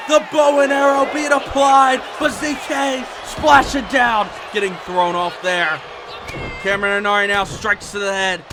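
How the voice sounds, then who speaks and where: Wrestling commentator, man, slow deliberate pace with sudden shouting bursts, noisy crowd behind. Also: very high-pitched. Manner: shouting, excitable, swings between calm calls and loud outbursts. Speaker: play-by-play commentator. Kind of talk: excited wrestling commentary over a video game. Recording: loud crowd and noise behind the voice. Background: game crowd ambience.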